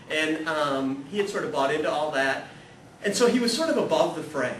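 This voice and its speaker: A man giving a humorous, animated spiritual talk to a live audience, acting out the people in his stories and swinging from hushed to loud. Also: a little high, normal speed. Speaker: guest speaker at a spirituality talk series. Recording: echoey room, voice from far off, audible noise.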